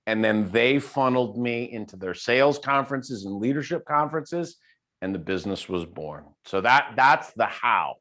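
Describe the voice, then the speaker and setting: Telling stories as a guest in a casual conversational interview, a man speaks in a mid-range voice at a moderate pace, animated and prone to restarts and repeated words.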